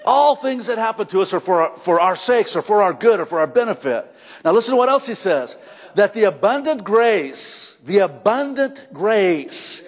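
A middle-aged male pastor preaching a sermon in a church, conversational and emphatic, rising to shouts at times. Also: very high-pitched. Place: church sanctuary. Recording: long hall reverb.

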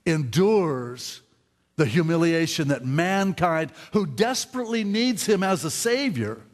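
A man's voice: fairly high pitch, lively intonation, moderate pace. A man preaching a sermon in a church, earnest and prone to stammered restarts. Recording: reverberant hall.

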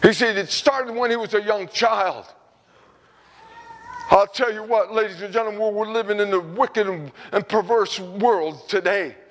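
A man preaching a sermon in a church, fervent and rambling, rising into shouted praise. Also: high-pitched, normal speed, long reverb tail, a little hiss or hum. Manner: rambling with restarts and repeats. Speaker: pastor.

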